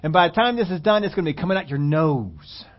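A man's voice: fairly high pitch, expressive, fast, natural voice. A man voicing an exasperated God who repeats his promise with mocking emphasis. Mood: emphatic. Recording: dull lo-fi recording.

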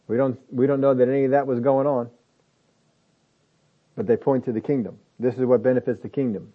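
A man's voice: medium pitch, level tone, moderate pace, long pauses, dull audio. A man preaching a sermon in a conversational way, building to emphatic lists.

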